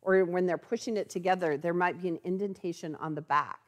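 Her voice on the low side and her pace a little fast, a woman gives a live product demonstration at a sewing store. She chats in an animated way and keeps tossing in "okay?" to check in.

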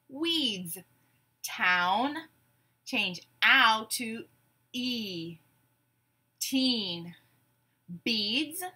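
A woman teacher leading a phonics drill for young students, saying each sound slowly and clearly and praising them often. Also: a little high, pushed and bright. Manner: slow, clearly enunciated drills with cheerful praise.

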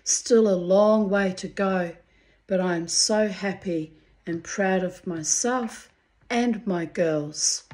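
A woman, reading her old diary entries aloud to her viewers and breaking off into candid, chatty asides, clearing her throat now and then. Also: mid-range voice, slow, darkish tone. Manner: candid, muses aloud, swears freely, frequent throat-clearing.

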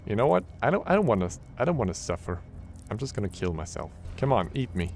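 A man giving horror game let's play commentary, excitable and jokey, swearing often. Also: fairly low pitch, a little fast, gravelly, soft background music. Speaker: gaming channel host.

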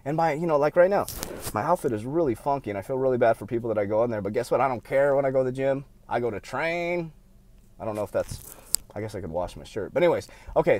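A man, a motivational speaker and success coach, talking candidly to his viewers in an emphatic, repetitive way that swings from loud bursts to quiet admissions, short on sleep. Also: mid-range voice.

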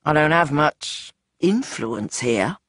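Narrator doing a drunk, brash young woman from an audiobook; lowish voice, coarse and offhand, a dry close sound. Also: sing-song, slow, no room sound, heavily acted. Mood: mocking, offhand.

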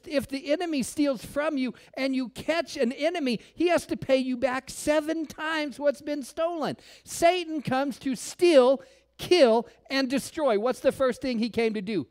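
A male pastor preaching a sermon to his church, firing rhetorical questions and swinging between loud calls and near-whispers. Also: very high-pitched.

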